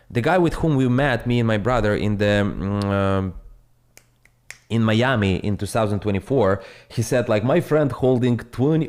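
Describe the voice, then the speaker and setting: Blunt, profane crypto streamer. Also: male voice, on the low side, a little mellow. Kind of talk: casual live-stream monologue.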